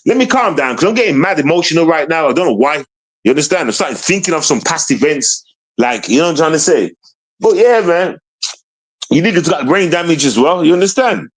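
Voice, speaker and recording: A man talks in a slightly higher register than most men. His delivery is emphatic and full of street slang. He keeps circling back to ask if you follow him. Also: animated, brisk, husky. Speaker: guest telling his story. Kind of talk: casual storytelling.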